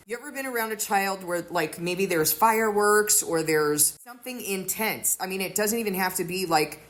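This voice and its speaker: A woman's voice: medium pitch, a bit bright. A woman giving an earnest sermon-style teaching, explaining with everyday examples. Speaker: teacher of a faith community.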